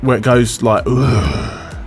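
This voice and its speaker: A man's voice: medium pitch, brisk, music in the background. A man hosting a radio tech show, chatting loosely and teasing his co-host in a studio. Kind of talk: casual studio banter. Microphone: studio microphone.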